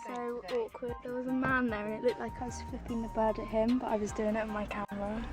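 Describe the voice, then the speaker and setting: A woman's voice: a little high, flat delivery, quick pace, distant mic, over loud music. A teenage girl, rambling and joking in a casual vlog. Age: teens. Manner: chatty, jokey and rambling. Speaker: vlogger.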